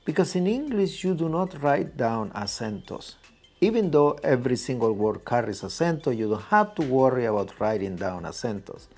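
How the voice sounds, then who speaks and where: Man with a lively teaching voice. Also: mid-range voice, moderate pace. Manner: patient, repeats key points with "right?". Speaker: Spanish teacher. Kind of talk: explanatory lesson.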